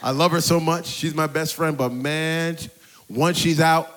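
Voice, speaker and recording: A pastor with a notably high voice for a man delivers a church sermon from the stage microphone. His preaching is lively and conversational, with playful asides for the congregation. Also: unhurried. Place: church sanctuary before a congregation.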